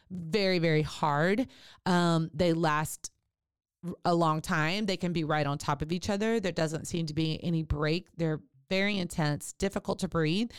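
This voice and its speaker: A woman who educates about childbirth and writes about it, talking on a podcast in a lively way, addressing listeners directly and acting out laboring moms. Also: fairly low pitch, clean tone, no room sound, studio quality. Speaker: birth educator and author. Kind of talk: podcast talk.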